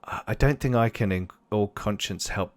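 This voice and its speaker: A man's voice: on the low side, normal speed, close to an everyday voice. A man voicing a flustered, indignant male doctor who stammers defensively, in a tabletop game. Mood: worried.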